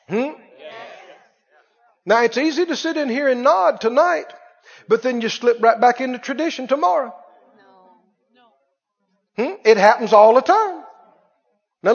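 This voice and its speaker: High-voiced preacher in a reverberant church. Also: male voice. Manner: emphatic, repetitive preaching, calls for audience response. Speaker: pastor. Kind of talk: sermon. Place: church hall. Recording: muffled, reverberant church recording.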